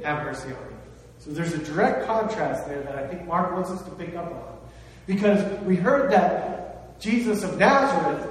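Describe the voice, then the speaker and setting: A man preaching a sermon in a conversational way, asking his listeners questions and rising in force on key phrases. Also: high voice. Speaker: pastor. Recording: distant mic in a very echoey hall.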